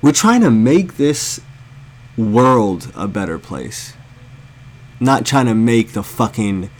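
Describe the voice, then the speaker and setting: A man's voice: on the low side, very animated, takes it slowly, a little mellow. Blunt, profane man ranting to viewers. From United States. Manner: blunt, heated, profane, addressing viewers directly. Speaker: storyteller ranting to camera. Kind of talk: profane storytelling rant.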